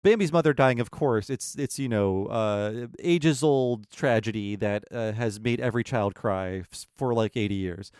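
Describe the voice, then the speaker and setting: Man, podcast host, casual chat, animated storyteller, smooth clear voice, dry close sound. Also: medium pitch, normal speed, few pauses, no room sound. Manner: animated storyteller, acts out quotes.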